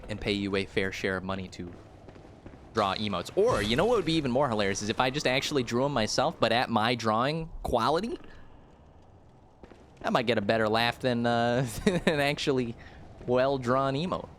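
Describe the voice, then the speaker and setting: Young male streamer from the United States, mid-range voice with a very lively pitch, loose and jokey, faint noise under the track. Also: moderate pace. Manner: rambling, jokey, animated, lots of fillers. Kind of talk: casual live-stream commentary.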